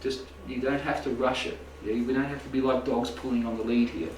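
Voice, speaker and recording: Fairly quick and medium in pitch, this man's voice stays fairly even in intonation as he rambles through an informal spiritual healing talk for a small live audience, asking "right?" and "make sense?". An echoey room, a distant mic, and a little hiss or hum.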